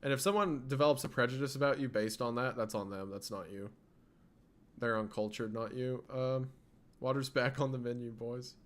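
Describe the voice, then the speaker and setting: Relaxed man chatting on a livestream. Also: mid-range voice, moderate pace. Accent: faint Southern US. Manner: relaxed, rambling with restarts. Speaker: streamer. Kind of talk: casual livestream chat.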